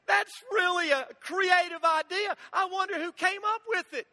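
A male preacher voicing an amazed farmer who shouts at the sky. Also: very high voice, normal speed, pitched above the performer's own voice, heavily acted. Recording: long church reverb, off mic.

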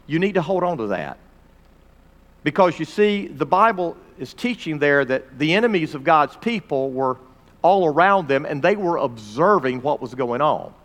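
A man's voice: fairly high pitch, fairly bright tone. Preacher man in a reverberant hall. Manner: dramatic scripture reading with pauses and asides. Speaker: Bible teacher. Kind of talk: expository sermon reading scripture. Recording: long reverb of a large hall.

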